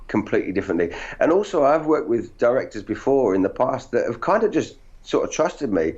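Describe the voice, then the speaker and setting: A man, an actor guest, telling animated, self-deprecating stories in casual interview chat. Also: medium pitch. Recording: dull lo-fi audio.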